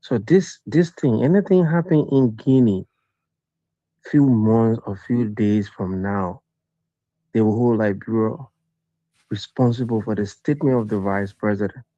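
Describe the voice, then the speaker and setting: Serious, dark-toned male caller. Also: fairly low pitch, a little slow, no room sound. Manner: serious, warning. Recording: dry muffled phone line.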